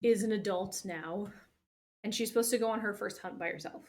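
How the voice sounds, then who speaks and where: A woman's voice: mid-range voice, brisk. A young woman hosting, recapping a movie casually in a rambling, profane way full of fillers. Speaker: host.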